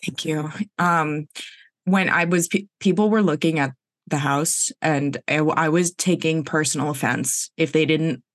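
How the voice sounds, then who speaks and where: A woman co-hosting a podcast in casual chat, telling an animated story full of "like" and acted-out quotes. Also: low voice, measured pace. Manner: animated storyteller who acts out quoted dialogue; frequent fillers like "like" and "um". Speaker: podcast co-host.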